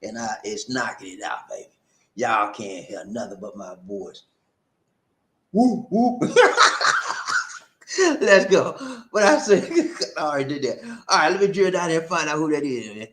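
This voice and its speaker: A man hosting a casual livestream, animated and breaking into sung catchphrases. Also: medium pitch, brisk, roomy sound, a little hiss or hum. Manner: animated, sings and shouts catchphrases. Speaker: livestream host. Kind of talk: casual live chat. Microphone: new noise-reducing mic.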